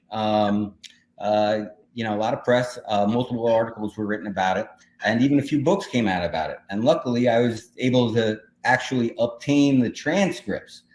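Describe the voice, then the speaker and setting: A man casually telling a story on a livestream, rambling with many fillers while he clicks through slides. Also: mid-range voice. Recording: echoey room with faint noise.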